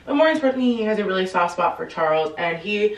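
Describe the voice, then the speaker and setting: A woman giving a casual, slangy recap of a novel, acting out the characters' lines in quick bursts. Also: medium pitch, animated, far from the mic. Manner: chatty, slangy, acts out quotes in quick bursts. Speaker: book explainer. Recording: roomy echo, a bit off-mic.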